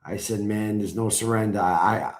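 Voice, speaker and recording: A man's voice: lowish voice, normal speed. Man telling a story in a roomy room. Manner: excited storytelling, acts out his own shouted chants. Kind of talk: casual chat. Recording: roomy echo.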